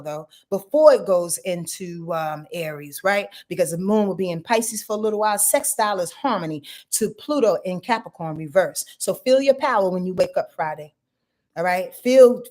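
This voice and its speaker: A woman's voice: medium pitch, darkish tone. A woman hosting a casual astrology forecast, brash and profane, playfully acting out quotes. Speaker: astrologer host.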